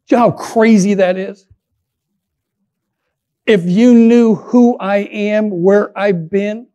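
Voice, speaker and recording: A man's voice: high voice, mellow. A middle-aged man preaching a sermon as pastor, earnest and conversational, often restarting his words.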